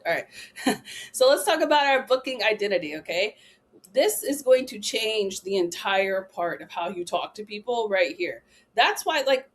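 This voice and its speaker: A young adult woman giving a chatty, emphatic training talk to travel agents, often checking in with "right?" and "okay?". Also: on the high side.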